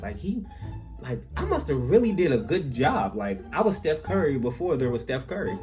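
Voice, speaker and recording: A young man telling a comic story from his school days, full of "like" and quick asides. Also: medium pitch, music in the background. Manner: animated, filler-heavy, lots of "like". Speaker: vlogger.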